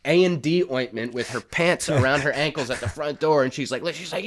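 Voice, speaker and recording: A man telling his family stories in a casual podcast chat, with a mid-pitched voice. He is lively and loose as a storyteller and drops swear words freely. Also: brisk. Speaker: comedian guest.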